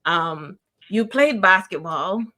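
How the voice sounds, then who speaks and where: Woman podcast host, lower pitch, bright tone, chatty interviewer. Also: animated, takes it slowly.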